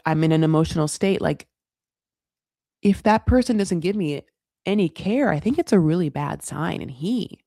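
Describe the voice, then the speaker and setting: Woman, reality TV recap host, casual and blunt, lowish voice, dry close mic. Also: dark tone, dry recording. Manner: chatty, frank, swears, many fillers, dramatic voices for quotes.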